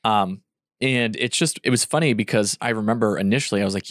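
A man's voice: on the low side, brisk, fairly bright tone, no echo, studio quality. A married man chatting casually on a podcast, rambling with many fillers and a goofy manner. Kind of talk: casual chat.

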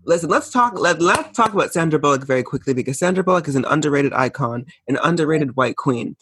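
A man's voice: fairly high pitch, animated, quick pace, a bit bright, slightly rough, no echo. A man co-hosting a casual pop-culture chat, sassy and emphatic with campy asides. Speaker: podcast co-host.

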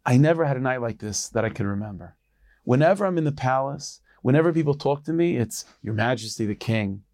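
A gentle, humbled king from a folk tale, as a male storyteller voices him, confiding and sincere. His voice is mid-pitched and close, with a dry, roomless sound. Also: lively intonation, a little fast, no room sound, natural voice.

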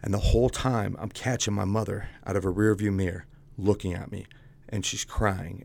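A man's voice: lowish voice, steady tone, moderate pace, vocal fry, darkish tone. A man telling his own story as a guest, speaking bluntly and casually and calling the host "dude".

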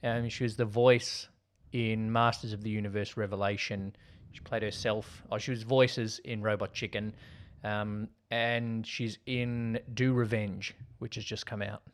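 A man co-hosting a casual film podcast, quickly rattling off cast trivia with dry remarks. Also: on the low side, flat delivery. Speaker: podcast co-host.

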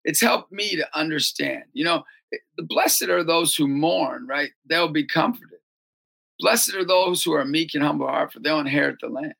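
A gravelly man with a bright, edgy tone tells his stories with great excitement. He swings between low, earnest talk and loud, high-pitched outbursts when he acts out the people in them. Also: normal speed. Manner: excitable, breaks into shouting and high acted voices in stories. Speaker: ministry leader and basketball coach. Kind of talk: animated storytelling interview.

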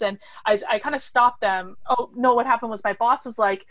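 A woman in her thirties, a podcast guest telling a story in a casual, animated way, laughing often and restarting her sentences. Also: medium pitch, brisk, hardly any pauses, no room sound.

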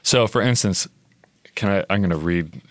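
A deep-voiced man explaining on a podcast. His talk is animated and casual, full of ums and restarts. The recording is close and dry. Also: normal speed, dry recording. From United States. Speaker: biblical scholar on a podcast.

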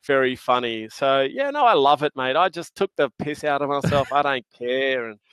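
A cheerful middle-aged Australian man chats in a loose, joking way, laughing easily as he tells stories full of slang. His voice sits at an average pitch. The sound is close and dry. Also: expressive, moderate pace, a bit bright, smooth, no echo. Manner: jovial, laughing storyteller with slang. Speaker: podcast guest. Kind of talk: casual chat.

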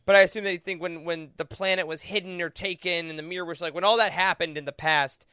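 Bright, crisp-voiced man musing at length. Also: high voice, steady tone, fast talker, no room sound, studio quality. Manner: thoughtful, interprets at length with many fillers. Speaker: podcast co-host. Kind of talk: casual discussion.

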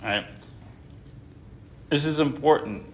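A man's voice: on the high side, measured pace. A man teaching a Bible class in an informal way, often stopping short, restarting and repeating words as he talks.

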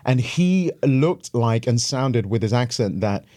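An English-accented pastor talks as a guest on an interview show. He tells stories in an animated, joking way and laughs often, in an ordinary mid-range male voice. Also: mid-range voice, measured pace, no room sound, studio quality.

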